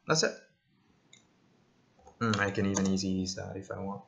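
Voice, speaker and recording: Guy mumbling thru an animation tutorial at his desk, lowish voice, lots of ums. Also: little pitch movement, moderate pace, creaky, lo-fi sound, a little hiss or hum. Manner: rambling, thinks aloud with many ums and jokes. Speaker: software tutorial host. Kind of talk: casual screen-recorded tutorial.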